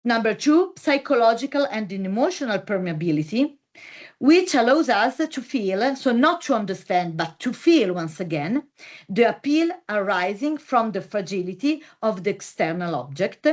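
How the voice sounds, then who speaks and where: A middle-aged woman giving an academic lecture, deliberate and pausing as she searches for words. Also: mid-range voice, sing-song. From Italy. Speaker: university philosophy lecturer.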